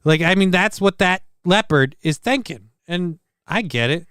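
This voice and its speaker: A man's voice: sits high, animated, measured pace, a bit bright, clean tone, no echo. A man hosting a live stream, reacting to videos with sardonic, profane jokes. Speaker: show host.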